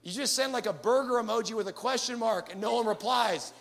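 A man preaching a sermon with animated delivery and acted-out asides. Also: very high voice, fast talker, hardly any pauses. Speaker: pastor.

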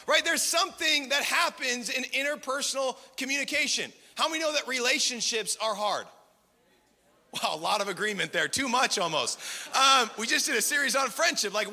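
A man with a fairly high, very bright voice preaches a lively sermon, joking and firing questions at the audience. His voice carries a long hall reverb. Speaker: preacher at a community gathering. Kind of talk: lively sermon with crowd interaction. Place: large hall with live audience.

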